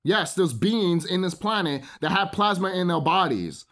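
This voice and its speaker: A man's voice: high voice, lively intonation, normal speed, fairly bright tone. A man hosting his own channel, talking in a rambling, emphatic monologue full of swearing and repeated "you know?" asides. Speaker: channel host. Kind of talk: casual unscripted monologue.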